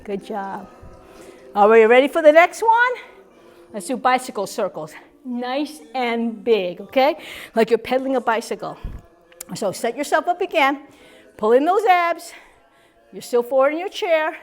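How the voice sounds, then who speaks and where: A woman fitness instructor leading a seated strength class, upbeat and encouraging, with loud whoops and a slightly winded voice. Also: sits high, animated, moderate pace, pauses often, faint music behind. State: a little out of breath.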